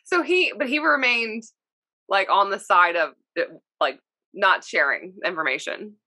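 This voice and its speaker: A woman's voice: medium pitch, expressive, a little slow, sharp tone. A woman hosting a podcast interview in casual chat, reacting eagerly and laughing often. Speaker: podcast host.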